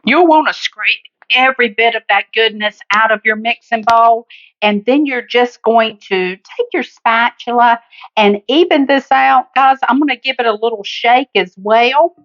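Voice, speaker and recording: This cooking show host has a fairly high, slightly bright voice and a Southern US accent. Chatting warmly from her kitchen, she talks straight to her viewers, addressing them as "guys" and "honey," and the recording is lo-fi.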